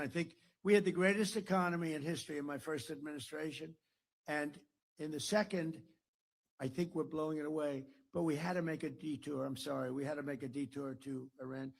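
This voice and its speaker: An older American political speaker with a fairly high, creaky voice gives an after-dinner speech into a podium mic in a dinner hall. He rambles, repeats himself and boasts.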